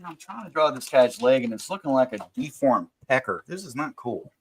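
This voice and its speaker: A man's voice: mid-range voice, expressive, fairly quick, slight background noise. A man from Southern Maryland chatting casually on a drawing stream, joking and slipping into put-on hillbilly voices. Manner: jokey, puts on exaggerated hillbilly voices.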